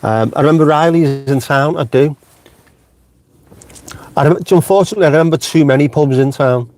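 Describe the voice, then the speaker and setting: A man's voice: fairly high pitch, brisk, darkish tone, no echo. A middle-aged man hosting a casual live stream from inside his car, chatty and jokey, swearing freely and wandering off on tangents. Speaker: vlogger host.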